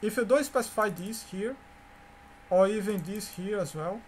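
A man whose first language is Portuguese, teaching a coding lecture in a halting way, with fillers, restarts and repeated words. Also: high-pitched, a little hiss or hum. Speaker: course instructor.

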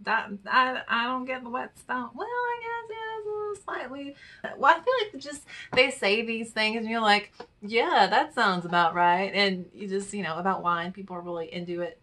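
Chatty woman vlogger with a bright clear voice, playful little asides. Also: fairly high pitch, lively intonation, normal speed. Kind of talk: casual chat reading infographics aloud.

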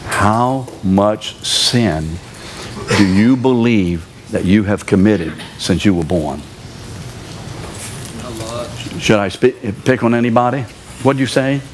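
A man's voice: fairly low pitch, lively intonation, takes it slowly, pauses often, background noise. Emphatic older man preaching in his seventies. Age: 70s. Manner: emphatic, repeats key words, questions the congregation. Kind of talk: sermon. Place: church.

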